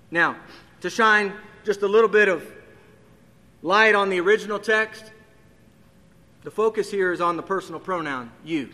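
A man's voice: high voice, moderate pace, long pauses, bright, forceful tone. A man preaching an expository sermon, his voice rising emphatically on key questions. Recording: long hall reverb.

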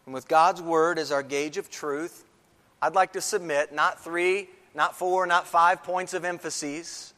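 Male pastor, slightly high voice, emphatic sermon delivery, church hall with long reverb. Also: fairly even intonation, measured pace, bright, forceful tone. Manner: emphatic preaching with repeated phrases. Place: church sanctuary.

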